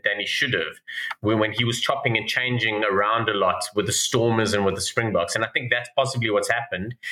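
A man's voice: medium pitch, pushed and bright. A man, co-hosting a podcast and talking through rugby analysis in a rambling way, with many restarts. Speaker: podcast co-host. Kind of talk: casual rugby analysis chat. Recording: roomy echo.

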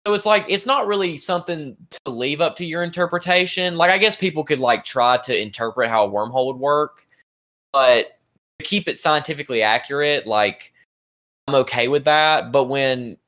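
A man's voice: a little high, normal speed. Opinionated man reviewing a film casually. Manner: animated, opinionated, fond of "like". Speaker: podcast co-host.

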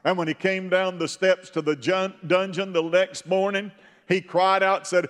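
A man's voice: high-pitched, level tone, moderate pace, a bit bright. A man preaching a sermon in a folksy storytelling way that builds to fervor. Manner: folksy storytelling, rising to fervent. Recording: long reverb of a large hall.

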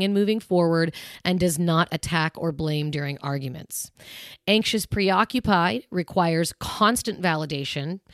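A woman's voice: fairly low pitch, no echo, clean studio sound. A woman in her thirties hosting a podcast, chatting casually about relationships and laughing easily. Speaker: podcast host.

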